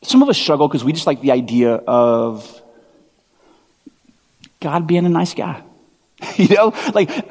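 A man in his thirties preaching a sermon, telling stories in a conversational, animated way with quick asides. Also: on the high side, breathy edge. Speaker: pastor. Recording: long hall reverb.

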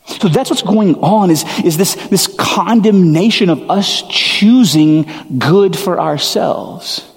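A man's voice: high voice, slow, long reverb tail. A male pastor preaching a sermon in a casual, earnest way, full of "like" fillers. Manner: conversational, filler-heavy, earnest.

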